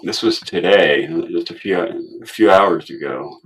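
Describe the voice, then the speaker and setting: A man's voice: sits low, a little slow, a bit bright. A man hosting his own online show in a casual, rambling chat, tired and cursing freely as he tells stories. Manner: profane, rambling storytelling.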